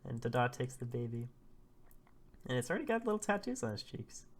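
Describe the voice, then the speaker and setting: A man hosting a casual manga read-through, excitable and laughing as he retells the chapter. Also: medium pitch, brisk.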